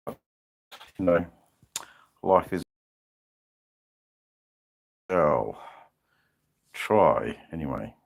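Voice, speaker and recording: Aussie bloke rambling on a live stream from his shed, lowish voice, talks real slow. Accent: Australian. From Australia. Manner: rambling, greets chat viewers one by one. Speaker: livestream host. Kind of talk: casual livestream chat.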